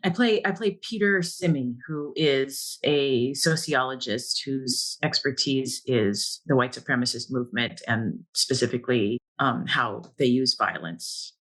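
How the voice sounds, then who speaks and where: A man joins a podcast as a guest and explains things in casual chat, pausing often with ums and restarts. His voice sits at a middle pitch. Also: fairly bright tone. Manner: hesitant, many ums and restarts while explaining. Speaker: podcast guest, stage actor.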